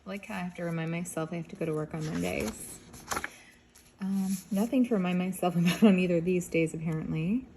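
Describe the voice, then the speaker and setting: A woman's voice: fairly low pitch, fast talker, dark tone, slight background noise. A woman in her thirties talking casually into her phone for her vlog, chatty and rambling. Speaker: vlogger. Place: in her car, then at home. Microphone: phone held at arm's length.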